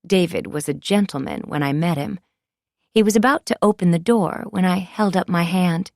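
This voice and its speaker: Woman audiobook narrator, lower pitch, measured confiding first-person delivery. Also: darkish tone, no echo, studio quality.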